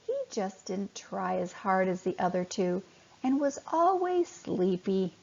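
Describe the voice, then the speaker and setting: A woman softly and expressively reading a bedtime story to children. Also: medium pitch, big pitch swings, measured pace, gravelly. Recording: dull lo-fi recording.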